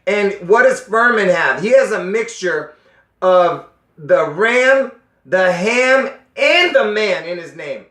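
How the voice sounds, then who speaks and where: Insistent high-voiced man, echoey room. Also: lively intonation, slow, sharp tone. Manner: repeats "you understand?" often, insistent. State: coughing, strained voice. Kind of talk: casual monologue addressing viewers.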